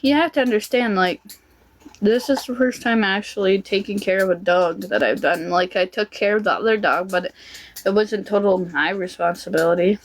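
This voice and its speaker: A woman's voice: medium pitch, moderate pace. A woman ranting casually to camera in a rambling, aggrieved way, swearing freely. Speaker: vlogger.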